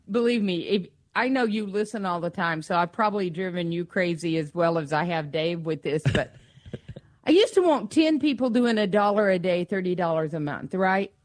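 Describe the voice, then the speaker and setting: A woman's voice: medium pitch, expressive, moderate pace, dry recording, studio quality. A woman co-hosting a radio fundraiser, playful and teasing, enthusiastically urging listeners to give. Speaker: radio co-host. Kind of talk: radio pledge drive appeal.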